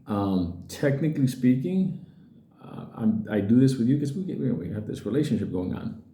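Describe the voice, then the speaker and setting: A man's voice: mid-range voice, animated, moderate pace, dark tone, echoey room, a little hiss or hum. A middle-aged man ranting casually to his viewers, blunt and profane, who often mimics other people's voices. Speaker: crypto video host.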